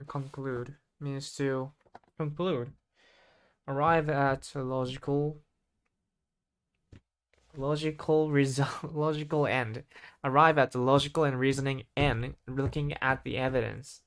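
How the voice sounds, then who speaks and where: A man practicing vocabulary on his own, thinking aloud in a hesitant, halting way and correcting himself as he goes. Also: medium pitch, steady tone, clean tone. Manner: hesitant, halting, constantly restarting and self-correcting. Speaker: English learner.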